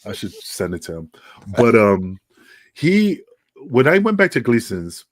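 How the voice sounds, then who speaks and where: A middle-aged man, telling wrestling stories as a podcast guest and acting out the dialogue with a lively raised voice. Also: medium pitch, measured pace, no room sound, studio quality. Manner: animated, acts out dialogue with raised voice. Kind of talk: casual storytelling interview. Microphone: remote video call.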